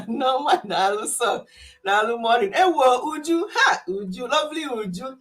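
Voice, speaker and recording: A woman hosting a live stream, greeting viewers with excitement and leading an earnest prayer. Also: on the high side, normal speed.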